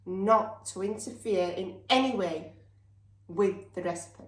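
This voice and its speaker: A woman's voice: mid-range voice, a little slow, reverberant. A woman co-hosting a casual home cooking vlog, teasing and playful as she goes through the ingredients.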